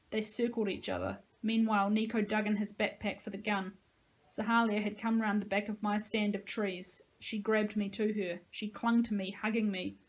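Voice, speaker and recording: Casting: woman teacher reading a novel aloud, dramatic and expressive, mid-pitched voice. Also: low-quality recording.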